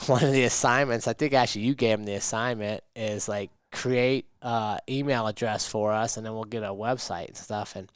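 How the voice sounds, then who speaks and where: A man's voice: on the low side, fairly even intonation, moderate pace, smooth, dry recording, clean studio sound. A man co-hosting a podcast, telling stories in casual chat and chuckling often. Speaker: podcast co-host.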